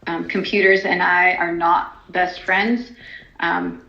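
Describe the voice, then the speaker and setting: A woman's voice: lowish voice, level tone, takes it slowly, creaky, pushed and bright. A chatty woman, talking as a horse trainer in a casual interview. She laughs often and fills her speech with ums and restarts. The recording sounds roomy and slightly muffled. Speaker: horse trainer and stallion owner.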